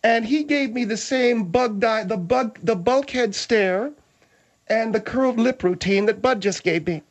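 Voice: medium pitch, unhurried. A person on a comedy talk radio show, knowing and exasperated. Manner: knowing, name-dropping, exasperated.

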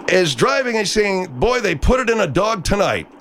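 A man hosting a call-in radio show, cutting in with quick, incredulous questions. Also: high-pitched, very animated, fairly bright tone, a little hiss or hum. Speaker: radio talk show host.

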